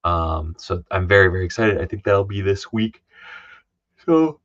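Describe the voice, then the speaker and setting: On his live stream, a weary comic artist with a deep voice talks casually at a moderate pace, rambling through fillers and restarts and reading viewers' messages aloud. The recording is dry and dull lo-fi, with no room sound.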